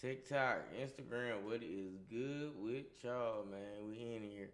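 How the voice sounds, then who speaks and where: A middle-aged man co-hosting a gaming livestream in casual profane chat, loud and joking, repeating his greetings to the audience. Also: medium pitch, slow.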